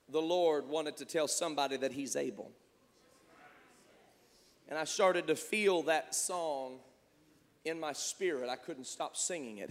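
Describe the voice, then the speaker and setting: Male pastor, high tenor, rhythmic fervent sermon delivery, reverberant church sanctuary. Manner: fervent praying, preacher's cadence. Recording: echoey church hall.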